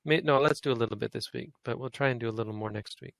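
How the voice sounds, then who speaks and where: Male online tutor, crisp gravelly tone, drills short and long vowels patiently. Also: mid-range voice, racing, a bit bright, dry recording, rough recording. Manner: patient, repeats vowel sounds aloud for students to copy. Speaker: Pali teacher. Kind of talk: online language lesson, demonstrating pronunciation.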